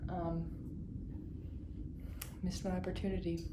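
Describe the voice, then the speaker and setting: A woman with a lowish voice speaks slowly as she vlogs from her art studio, rambling to camera with many fillers and asides. The room echoes, with steady ambient noise and the sound of a train going by.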